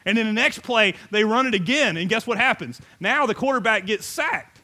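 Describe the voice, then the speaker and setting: Middle-aged male pastor, high bright voice, lively joking sermon delivery. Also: moderate pace. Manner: animated, joking, conversational preaching with frequent laughs.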